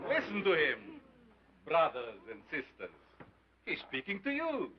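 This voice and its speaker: An actor playing a sinister carnival scientist with a strange foreign accent, declaiming grandly in a 1930s film. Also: male voice, on the high side, wildly swooping pitch, a little slow, heavy background noise. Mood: grandiose. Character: sinister showman scientist, older man, theatrical. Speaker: carnival lecturer. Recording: dull lo-fi 1930s film sound.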